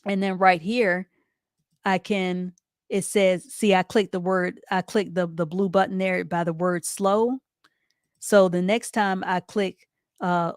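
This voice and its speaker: A woman teaching a live online reading class, patiently repeating each explanation step by step and reading sentences out slowly. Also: fairly low pitch, a little mellow, no echo, clean studio sound. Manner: reads sentences out slowly and deliberately.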